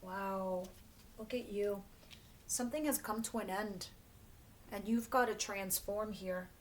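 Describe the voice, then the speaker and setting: A woman talking straight to her viewers as she reads tarot, chatty and frank, stumbling over words now and then. Her voice is mid-pitched, and a faint hiss and the shuffle of cards sit under it. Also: slow pace. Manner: chatty and blunt, with filler words and self-corrections. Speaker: tarot reader. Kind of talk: casual tarot reading to camera.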